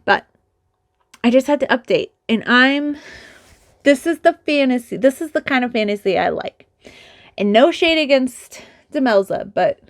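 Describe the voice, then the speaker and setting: A woman's voice: on the high side, creaky, dry recording. A woman chatting casually in a reading vlog, rambling and gushing as she retells a book's plot. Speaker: book vlogger.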